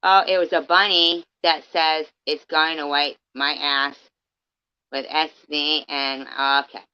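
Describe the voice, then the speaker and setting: A woman's voice: low voice, little pitch movement, slow pace, smooth, no echo. A woman chatting casually to her livestream viewers, laughing often and swearing freely. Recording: dull dry stream audio.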